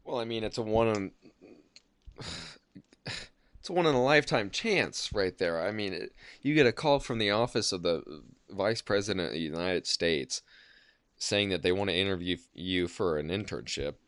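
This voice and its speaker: Deep-voiced male interview host. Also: expressive, fairly bright tone, clear, resonant tone, dry recording, clean studio sound. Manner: halting, searching questions. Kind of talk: casual interview.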